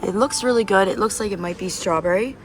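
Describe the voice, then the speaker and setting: Fast-talking at a medium pitch, a woman narrates her casual travel vlog to camera, gushing about food and places while out and about in the open and in cafes. Soft music and street and traffic noise sit in the background.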